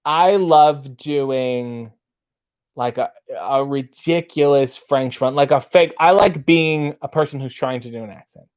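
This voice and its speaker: A man's voice: medium pitch, takes it slowly, a little mellow, clear, resonant tone. A man hosting a casual livestream, reading viewer comments aloud and riffing on them in a dry, wry way. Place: dark room with a black backdrop.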